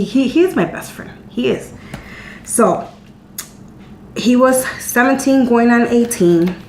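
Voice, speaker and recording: A woman in her thirties chatting candidly to her viewers, telling a personal story. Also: mid-range voice. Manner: chatty and candid, repeating words as she talks. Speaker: vlogger answering viewer questions. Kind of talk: casual storytelling chat. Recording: echoey room with faint hum.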